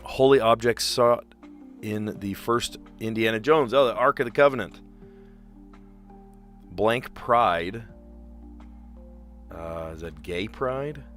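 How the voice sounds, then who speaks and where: A man's voice: lowish voice, slow pace, long pauses, a bit bright, soft background music. A man casually thinking aloud as he reads puzzle clues and works through answers, with frequent restarts. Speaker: streamer playing word puzzles.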